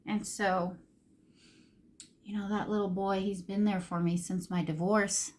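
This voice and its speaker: A woman's voice: medium pitch, level tone, a little slow, darkish tone, a little hiss or hum. A middle-aged woman chatting casually while doing her makeup, telling a long rambling story with emotional ups and downs. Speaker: makeup vlogger.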